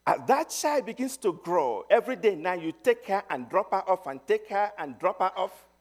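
A middle-aged man preaching a sermon, telling stories with emphasis and swinging between loud and hushed. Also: sits high.

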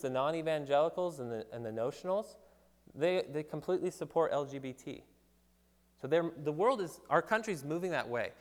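A man preaching a sermon to his congregation in an earnest, conversational way, joking at times and restarting sentences. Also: medium pitch. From California, USA. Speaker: pastor. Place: church sanctuary. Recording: long hall reverb.

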